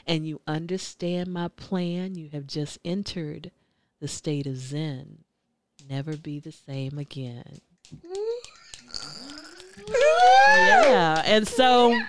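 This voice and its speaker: A woman host reciting her own spoken-word poetry in a measured, deliberate way. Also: on the low side, dry recording. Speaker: podcast host and poet. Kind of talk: slow spoken-word poetry, then casual talk.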